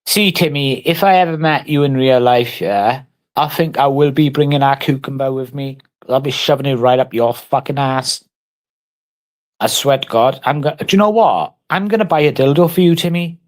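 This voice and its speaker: A man's voice: mid-range voice, moderate pace. A man on a casual livestream, taunting and mock-threatening someone in crude, heavily sworn banter.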